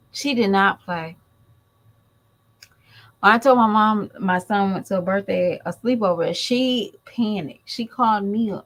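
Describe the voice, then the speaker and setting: A woman holds forth in an opinionated vlog, blunt and emphatic as she talks straight to her viewers. She takes her time, with a slow, deliberate pace that lets each point land. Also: medium pitch, fairly bright tone, rough recording. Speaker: mother and YouTube commentator.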